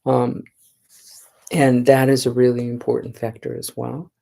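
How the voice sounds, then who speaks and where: A woman giving a Buddhist dharma talk as a nun, in an unhurried, conversational way that often checks in with her listeners. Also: extremely low pitch, completely flat delivery, gravelly, mellow. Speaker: Buddhist nun teaching meditation.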